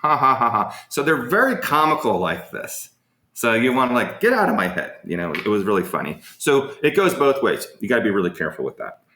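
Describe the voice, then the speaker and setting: A man with a lowish voice that swings widely in pitch talks fairly quickly, his tone fairly bright. Hosting a relaxed live Q&A in an echoey space, he fields viewers' questions and drifts into filler-heavy, rambling stories.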